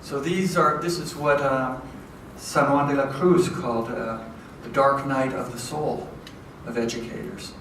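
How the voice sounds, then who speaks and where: A man giving a lively, conversational lecture to educators, often checking in with his audience. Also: medium pitch, measured pace, hardly any pauses. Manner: lively, conversational, keeps checking in with "okay?" and "right?". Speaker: education professor giving a talk. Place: large hall with an audience. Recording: echoey hall from far off, faint noise.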